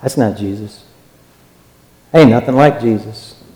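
Slow, earnest preacher with ringing reverb. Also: male voice, medium pitch, warm tone. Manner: earnest and exhortative, with repeated phrases. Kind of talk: sermon. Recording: long hall reverb.

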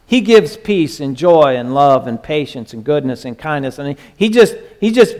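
A man preaching a sermon, moving between hushed, soft lines and raised, urgent pleading. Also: fairly high pitch, animated, moderate pace. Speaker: pastor.

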